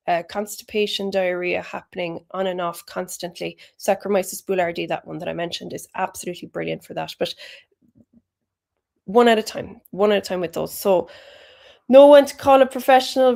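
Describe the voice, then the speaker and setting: A woman's voice: medium pitch, vocal fry, a little mellow. A woman giving a chatty, encouraging health talk. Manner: chatty and encouraging, with British slang. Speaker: health educator.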